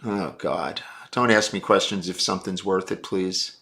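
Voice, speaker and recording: A man's voice: sits low, steady tone, moderate pace, bright, forceful tone. A man hosting a casual live stream, answering viewer chat in a blunt, brash and profane way.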